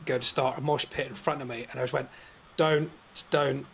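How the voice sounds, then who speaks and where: A man's voice: mid-range voice, flat delivery, rapid-fire, creaky, fairly bright tone, a little hiss or hum. A man, telling a story on a podcast in a casual, swearing way and acting out the other people's lines. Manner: swears freely, acts out quotes, laughs often. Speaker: podcast co-host.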